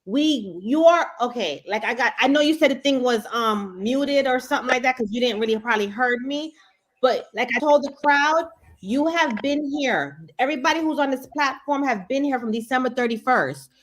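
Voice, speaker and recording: A woman's voice: sits high, expressive, normal speed. A woman with a Brooklyn accent co-hosting a live stream, talking emphatically and repeating her points in casual chat. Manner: emphatic and repetitive, circles back on points. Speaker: co-host of a crypto live stream.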